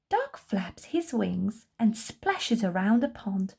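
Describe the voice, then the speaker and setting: A woman reading a children's picture book aloud in an animated, sing-song way. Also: mid-range voice, slow pace, vocal fry, hardly any pauses, husky. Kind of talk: children's storybook read-aloud.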